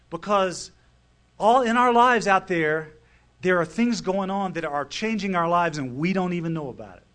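A man's voice: a little high, a bit bright. A middle-aged man telling his personal story to a recovery meeting audience, in a wry, conversational way.

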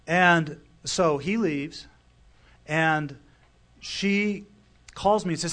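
A man's voice: on the high side, drawn-out words, pauses often, fairly bright tone. A middle-aged man telling his personal story to a recovery meeting audience, in a wry, conversational way.

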